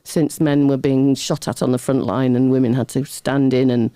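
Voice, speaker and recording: As an interview guest, a middle-aged woman tells one funny story after another in a chatty, animated, self-deprecating way, laughing easily between lines. Her voice is warm, mellow, and bass, with a clear, resonant tone at a moderate pace. The recording is close and dry, with no room sound.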